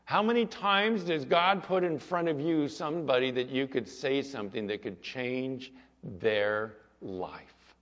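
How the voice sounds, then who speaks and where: A male pastor preaching to his church, telling a personal story with swings between raised, emphatic lines and quiet, hushed ones. His voice sits at an ordinary middle pitch. The recording is dull and lo-fi, with a long hall reverb trailing each phrase. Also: unhurried. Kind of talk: sermon. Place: church sanctuary. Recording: echoey hall, dull lo-fi sound.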